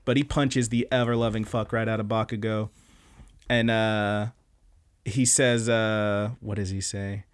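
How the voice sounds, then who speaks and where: Animated, swearing young man recapping anime. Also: on the low side, unhurried, smooth. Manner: animated, swears often, acts out lines. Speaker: podcast host. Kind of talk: casual recap chat.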